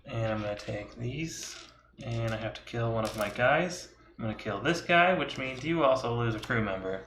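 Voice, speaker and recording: A man of middle pitch chats over a board game, humming and making beep-boop noises as he plays. The room is echoey, with a faint hiss beneath. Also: lively intonation, moderate pace, fairly bright tone. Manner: playful, hums and makes beep-boop noises. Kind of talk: casual chat while playing.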